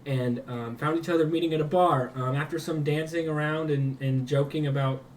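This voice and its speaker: Young male game master, slightly high voice, sits back from the mic, faint hiss. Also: fairly even intonation. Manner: casual, halting with fillers. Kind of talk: narrating a tabletop game. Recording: distant mic with faint noise.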